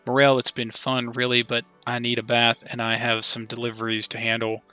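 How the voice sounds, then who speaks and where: A man voicing a grumpy, evasive middle-aged man with a dismissive, hurried way of talking. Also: mid-range voice, completely flat delivery, sharp tone, clear, resonant tone, faint music behind, lightly acted.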